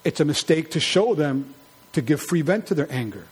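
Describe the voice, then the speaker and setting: A man preaching a sermon in an animated, conversational way, acting out quarrels in high mocking voices. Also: normal speed, breathy edge.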